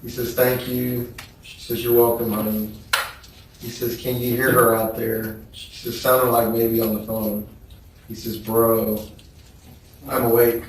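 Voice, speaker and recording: A man testifying at a trial, reading text messages aloud in a slow, subdued, flat way. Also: medium pitch, slight background noise. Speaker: trial witness. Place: courtroom. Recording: echoey courtroom from far off.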